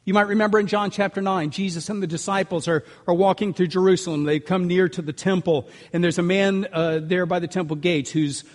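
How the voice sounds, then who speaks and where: A man's voice: sits high, steady tone, brisk, hardly any pauses. An older man preaching a sermon, earnest and emphatic, with frequent restarts as he builds his points. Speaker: pastor. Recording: long reverb of a large hall.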